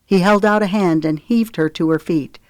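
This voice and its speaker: A woman narrating an audiobook in a measured, expressive reading voice. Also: on the low side, no room sound, studio quality.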